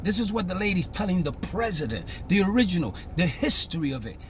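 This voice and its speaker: Fiery, high-voiced male commentator. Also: very animated, fast talker, a little hiss or hum. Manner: emphatic, preacher-like, repetitive. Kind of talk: impassioned social commentary.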